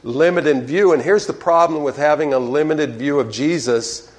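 A man preaching a sermon, telling a joke with lively storytelling and asking the congregation questions, often adding "okay?". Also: fairly high pitch, normal speed. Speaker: pastor.

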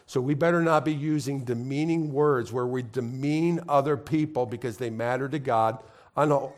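A man preaching a sermon to a congregation, repeating key phrases and asking the crowd to answer back. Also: medium pitch. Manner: repetitive call-and-response preaching. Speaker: pastor. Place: congregation in a room.

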